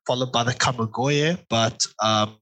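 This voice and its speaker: Bright-voiced man recapping a match. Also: mid-range voice, fairly even intonation, normal speed, low-quality recording. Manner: loose and chatty, many fillers and repeated "I see". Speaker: podcast co-host. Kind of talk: casual chat, play-by-play match recap.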